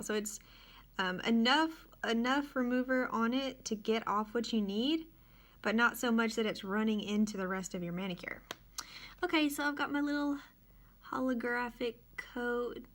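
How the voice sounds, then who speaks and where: A woman with a slightly high voice hosts a casual how-to from her dining room. She talks unhurriedly and narrates each step as she goes, like she is chatting with friends. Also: a bit bright. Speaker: nail tutorial host.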